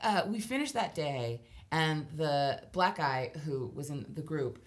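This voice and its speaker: A woman's voice: deep voice, animated, a little slow. A woman telling a long story in casual chat, rambling and self-deprecating, laughing now and then as she talks. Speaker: podcast guest storyteller.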